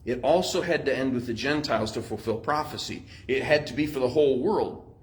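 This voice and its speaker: A man's voice: mid-range voice, brisk, a little hiss or hum, poor audio. A man pastor, teaching a Bible study in a conversational, explanatory way with frequent fillers.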